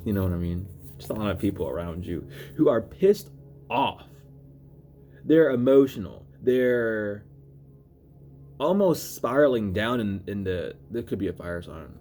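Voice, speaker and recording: A man giving a casual spiritual reading to camera, rambling and cursing, swinging between loud urging and low asides. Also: lively intonation, a little slow, soft background music. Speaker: spiritual reader.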